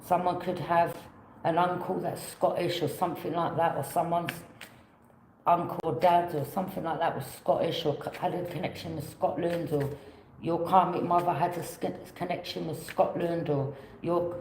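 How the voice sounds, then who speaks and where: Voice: mid-range voice, fairly even intonation, normal speed, darkish tone, reverberant, a little hiss or hum, rough recording. A tarot reader giving a casual reading, rambling, repeating phrases and offering loose alternatives.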